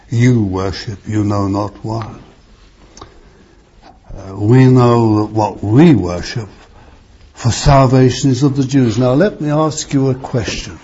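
A man's voice: mid-range voice, slow, pauses often, dark tone, highs cut off, slight background noise. A man preaching an expository sermon, emphatic, asking rhetorical questions and breaking into raised bursts.

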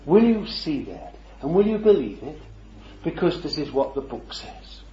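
A man with a fairly high, mellow voice preaches a conversational sermon at a moderate pace, very animated, his pitch leaping up and down with feeling as he poses rhetorical questions and chuckles. The dull, lo-fi recording has a roomy echo and a little hiss or hum.

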